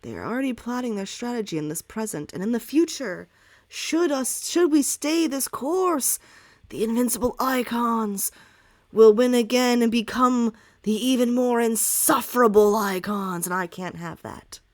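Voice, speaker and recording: A gushing fortune teller, as a woman game master puts her on, sly and fussy, in a high, sing-song voice. She talks in a grand, mystical manner. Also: a little slow, darkish tone, no room sound, lightly acted.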